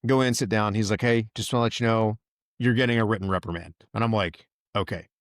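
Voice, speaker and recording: A man with a low voice tells his story casually and animatedly, and his voice rises when he acts out what others said. The recording is dry and close, with no room echo. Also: fast talker. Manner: animated retelling, quotes others in raised voice. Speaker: podcast host, veteran.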